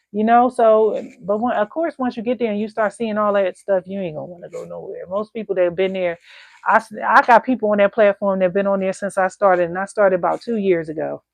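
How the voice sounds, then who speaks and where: Casting: a chatty, animated woman coach with a gravelly, slightly high voice and dry sound. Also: dry recording, lo-fi sound. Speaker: candle-making coach. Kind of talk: casual storytelling to viewers.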